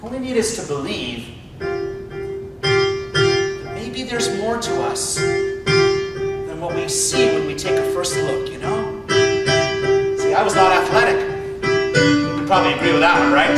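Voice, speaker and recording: A man in his fifties delivers a humorous motivational speech, talking conversationally and often repeating his first words before a thought. His voice sits high for a man. It rings heavily through a large hall, picked up from a distance with a faint rumble behind it. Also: expressive, a little slow, long pauses, loud music behind the voice. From Canada. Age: 50s. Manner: conversational, repeats words when starting sentences. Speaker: motivational speaker.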